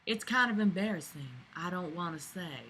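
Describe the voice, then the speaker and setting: A woman's voice: fairly low pitch, expressive, moderate pace, fairly bright tone, slight background noise, rough recording. Woman reading a coy young waitress. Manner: plain read-aloud dialogue.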